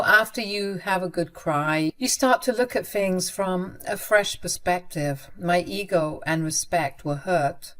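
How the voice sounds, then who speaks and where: Low-voiced woman narrating a story. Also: a bit bright. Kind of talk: first-person scripted story narration.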